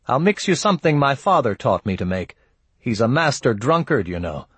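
A man voicing a cold, scheming young barmaid, in a husky voice. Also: medium pitch, very animated, normal speed, a bit bright, dry recording. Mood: bright.

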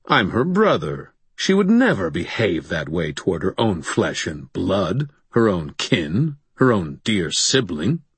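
A man's voice: low voice, sing-song, unhurried, slightly rough, no room sound, full character voice. A man voicing a wry, sardonic young man. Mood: mock-scandalized. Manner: wry, mock-scandalized.

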